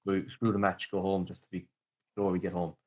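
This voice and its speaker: Male podcast guest, very deep voice, rapid casual delivery, matter-of-fact. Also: completely flat delivery, phone-quality sound. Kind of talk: casual chat.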